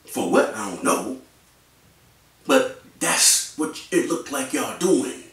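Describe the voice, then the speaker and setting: Brief: fired-up male vlogger, AAVE, lively pitch swings, mic at a distance in a very echoey room. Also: slow pace. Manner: animated, repetitive, mocking. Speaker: YouTube commentator. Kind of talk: ranting commentary.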